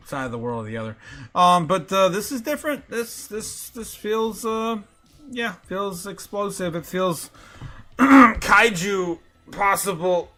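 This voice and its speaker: A man's voice: fairly high pitch, sharp tone. A man hosting a livestream, laughing often and chatting loosely with many fillers as he reads the chat. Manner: giggly, filler-heavy, reads chat aloud. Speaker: livestream host.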